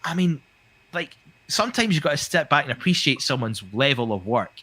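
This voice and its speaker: A man's voice: a little high, sing-song, a little fast, sharp tone. A man co-hosting a wrestling podcast, talking with a heated, profane, ranting delivery. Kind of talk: casual podcast chat.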